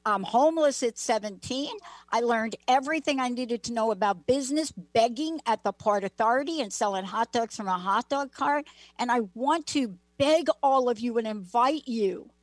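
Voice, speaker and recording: A woman's voice: fairly high pitch, moderate pace, no room sound. A woman hosting an interview, speaking in an earnest, emphatic and encouraging way. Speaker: interview host.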